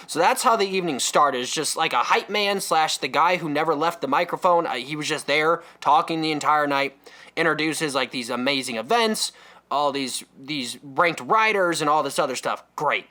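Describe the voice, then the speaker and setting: A man telling a comedic story and acting out the voices of other people. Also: moderate pace. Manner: animated, acts out other people's voices with big pitch jumps. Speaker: comedy podcast host.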